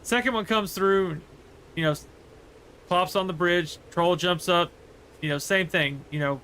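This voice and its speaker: A man's voice: high-pitched, measured pace, pushed and bright, a little hiss or hum. A man livestreaming a game, chatting casually and rambling through a story with many fillers. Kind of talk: casual chat while gaming.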